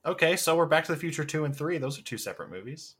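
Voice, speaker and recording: A man co-hosting a casual podcast chat about films, blunt and quick to swear when he gets heated. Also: on the high side, animated, a bit bright, slightly rough. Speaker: podcast co-host.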